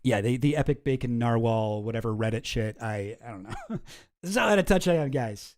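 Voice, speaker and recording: Rambling streamer man, soft dark tone. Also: medium pitch, animated, brisk. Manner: rambling, self-deprecating, swears often. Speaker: streamer host. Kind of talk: casual commentary stream.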